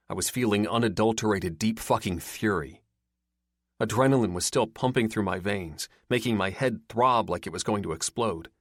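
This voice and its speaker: A man reading a romance audiobook in first person, steady and measured. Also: lowish voice, no room sound, clean studio sound. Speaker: audiobook narrator. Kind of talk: first-person scripted narration.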